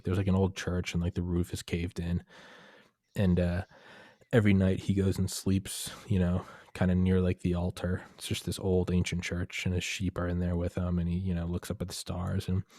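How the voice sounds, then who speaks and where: A man's voice: deep voice, mellow, no room sound, studio quality. A young man telling a long story in casual chat, rambling and candid, full of fillers and profanity.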